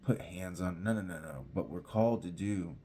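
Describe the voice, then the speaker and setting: A pastor teaching an informal devotional, talking conversationally with restarts and emphatic repetition. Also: male voice, low-pitched, normal speed, mellow, breathy edge.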